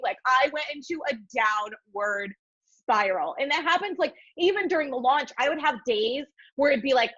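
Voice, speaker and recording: A woman guest on a coaching interview, telling her story with lively, swearing candor and acting out her panicked thoughts. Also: high-pitched, moderate pace, slightly rough, dull audio. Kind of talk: candid podcast interview.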